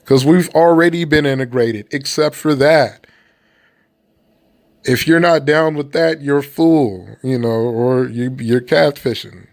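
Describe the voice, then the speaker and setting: Male commentator, mid-pitched voice, blunt and profane, rambles loosely, casual opinion talk. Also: a little slow. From United States.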